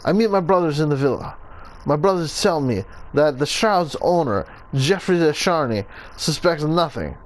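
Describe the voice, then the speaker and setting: A man's voice: on the high side, lively intonation, moderate pace, hardly any pauses, natural voice, low-quality recording. A man voicing a solemn male Italian assassin reading his journal, in a put-on Italian accent. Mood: grave.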